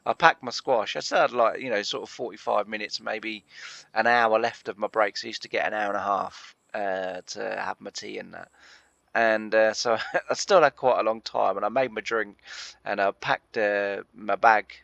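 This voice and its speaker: A man's voice: on the low side, fairly even intonation, normal speed, gravelly, fairly bright tone, dry recording. A man, host of a farming game channel, chatting through a long rambling anecdote with lots of fillers and chuckles while he plays. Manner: chatty, full of fillers, laughs at his own story.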